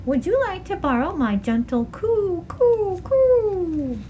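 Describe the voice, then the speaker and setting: A woman voicing a kindly, gentle pigeon in a storybook reading, with a soft sing-song delivery. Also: very high voice, big pitch swings, slow pace, slight background noise, pitched above the performer's own voice, full character voice, poor audio.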